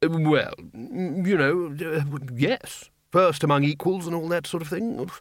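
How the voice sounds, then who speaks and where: A man voicing a gruff, impatient old head wizard in an audiobook who stammers when caught off guard. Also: on the high side, very animated, measured pace, fairly bright tone, no echo, studio quality, full character voice. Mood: flustered. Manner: brusque, stammers when unsettled.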